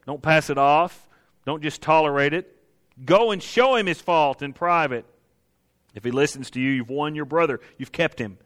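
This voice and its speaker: Guy preaching, emphatic short punchy lines, kinda high voice. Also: normal speed, fairly bright tone. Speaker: pastor. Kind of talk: sermon.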